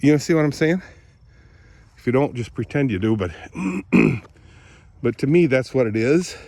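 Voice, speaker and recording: An older man vlogging outdoors by the woods on a phone camera, rambling as he thinks aloud, often clearing his throat and a bit out of breath. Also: mid-range voice, lively intonation, a little slow, darkish tone, no echo. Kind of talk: casual morning vlog, thinking aloud outdoors.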